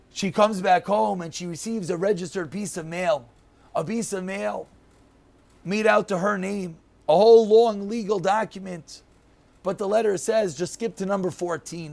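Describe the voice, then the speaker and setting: High-voiced rabbi telling a moving story. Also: male voice. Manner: animated storyteller acting out quoted lines. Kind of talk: storytelling Torah class.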